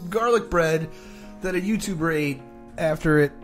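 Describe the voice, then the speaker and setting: A man co-hosting a podcast, casual and wisecracking, dropping quick quips. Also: a little high, soft background music. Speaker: podcast co-host. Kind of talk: casual chat.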